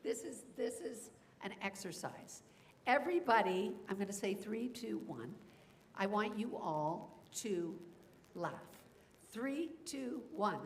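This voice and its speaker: A woman who teaches voice acting, speaking on a convention panel in an energetic, demonstrative way and laughing often. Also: mid-range voice, measured pace, slight background noise.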